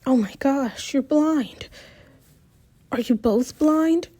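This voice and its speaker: A woman's voice: high voice, animated, slow, dark tone, slightly rough, exaggerated voice. Woman voicing a worried young guy passerby, anxious questions, a bit raised voice, storybook reading. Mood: concerned. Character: helpful young male passerby, concerned.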